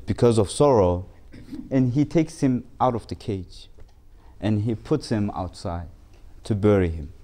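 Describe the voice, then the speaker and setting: Slow, mellow male storyteller. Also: lowish voice. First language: Turkish. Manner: halting, with frequent restarts. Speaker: instructor. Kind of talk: storytelling lesson.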